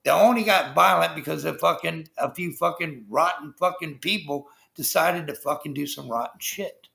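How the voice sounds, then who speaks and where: A man's voice: a little high, moderate pace, creaky, sharp tone. A man hosting a livestream, ranting heatedly about politics with constant swearing and talking to his chat viewers. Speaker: livestream host. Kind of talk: profane political rant on a livestream.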